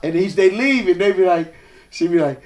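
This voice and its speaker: Over slight background noise, a high-voiced man talks briskly. He's a guest music executive from Hollis, Queens, New York, spinning casual, profane stories with animated energy and imitating the people in them.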